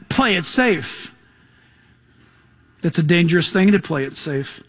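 A male pastor preaching a sermon, emphatic, swinging between loud passages and hushed ones. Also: high voice.

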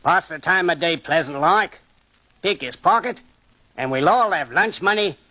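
Bender, a curt pickpocket. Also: male voice, a little high, lively intonation, moderate pace, bright, forceful tone, poor audio. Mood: matter-of-fact. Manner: curt and matter-of-fact. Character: cool, terse male pickpocket. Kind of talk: 1940s radio acting.

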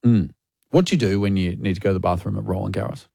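A man's voice: sits low, quick pace, creaky, mellow, slightly rough, dry recording, studio quality. A man co-hosting a radio show, telling stories with a joking, chatty manner. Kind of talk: casual radio banter.

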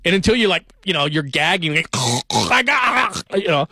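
A man's voice: on the high side, fast talker, pushed and bright, no room sound. A man in his forties hosting a sports radio show, chatting casually and telling joking stories at a studio microphone.

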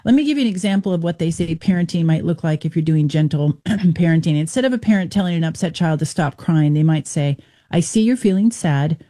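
A woman's voice: deep voice, fast talker, few pauses, dark tone. A middle-aged woman hosting a Christian talk radio show, speaking in an earnest, conversational way. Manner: earnest, conversational, with brief laughs and restarts.

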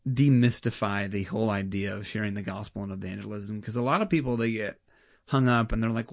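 A man's voice: on the low side, brisk, creaky, dry recording, studio quality. A man who is a pastor, talking casually and earnestly about his church's outreach, with many fillers like "like" and "I mean". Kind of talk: casual conversation.

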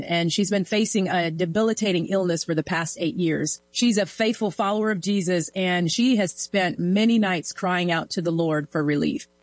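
A woman's voice: on the low side, no room sound, poor audio. A woman hosting a daily Bible devotional, reflective and earnest as she reads and explains scripture. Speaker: devotional host.

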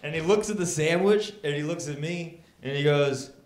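A man doing a stand-up comedy set, telling a long story and building to loud, exasperated punchlines. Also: on the high side, moderate pace, very noisy. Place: comedy club stage with a laughing audience. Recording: roomy club recording with crowd laughter.

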